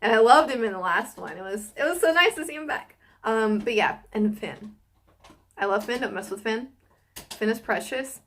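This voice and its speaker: A young woman chatting casually to her viewers, gushing and excitable, with lots of fillers. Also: fairly high pitch. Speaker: YouTuber reacting to a film series. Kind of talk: casual chat to camera.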